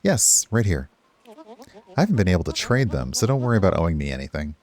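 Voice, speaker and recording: A man's voice: sits low, sing-song, fast, a little mellow. Brief: a man reading a yawning, bored young shopkeeper in a cosy game. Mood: drowsy. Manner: bored, drowsy. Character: sleepy young male shopkeeper.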